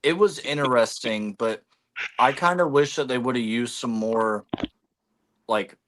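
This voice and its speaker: A man's voice: medium pitch, a little slow, fairly bright tone, slight background noise. A man hosting a casual livestream, rambling with many fillers and eating while he talks. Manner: chewing food while talking. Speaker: livestream host.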